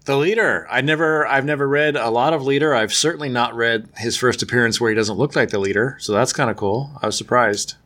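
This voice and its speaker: A man's voice: mid-range voice, fairly quick, hardly any pauses, fairly bright tone. A man in casual chat about comics, making dry, sarcastic asides. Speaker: podcast co-host.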